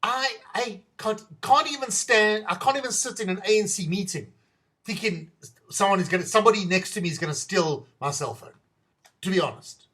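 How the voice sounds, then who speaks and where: A man's voice: high-pitched, normal speed, sharp tone, breathy edge. A man with a South African accent doing a rambling, self-mocking comic monologue on the news, stumbling and restarting often. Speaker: podcast host.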